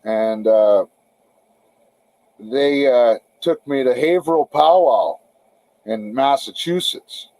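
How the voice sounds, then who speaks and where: A man's voice: mid-range voice, takes it slowly, pauses often, darkish tone, rough recording. A middle-aged man telling long, rambling stories as a podcast guest, swearing freely and often restarting his sentences. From Canada. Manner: rambling, profane, frequent restarts. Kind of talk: casual storytelling interview.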